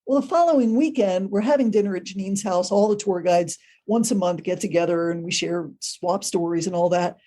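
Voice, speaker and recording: A woman on a podcast recounts a ghost story in a relaxed, conversational way. Her tone is mellow and warm, and she brings the tale to life by acting out the people in it. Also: medium pitch, brisk, few pauses. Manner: animated, acts out quoted voices. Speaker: podcast guest, ghost tour guide. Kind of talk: casual storytelling.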